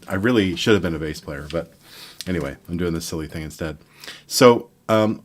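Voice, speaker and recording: An older man from Montreal talks through a guitar lesson in a loose, rambling way. His voice sits very low, and he counts beats and hums rhythms as he explains. It sounds like a casual live stream. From Montreal, Quebec, Canada. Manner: rambling and relaxed, counting and scatting rhythms aloud. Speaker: guitar teacher.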